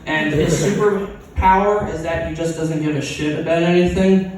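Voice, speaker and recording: A man's voice: on the high side, steady tone, moderate pace, background noise. A man doing a crude, sarcastic stand-up set at an open mic, rambling with fillers and restarts. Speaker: stand-up comic. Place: open mic comedy venue. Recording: echoey room miked from a distance.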